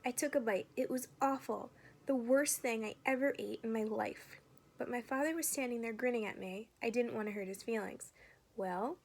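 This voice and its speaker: A woman reads a children's chapter book aloud, the way a teacher shares a story with a class. Her narration is steady and clear, and her voice sits a bit high. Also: brisk.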